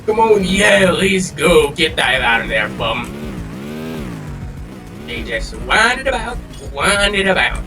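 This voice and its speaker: A young man giving casual gameplay commentary, excitable, swearing and trash-talking with lots of slang. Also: high voice, takes it slowly, vocal fry. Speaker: gaming channel host. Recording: distant mic with game music behind.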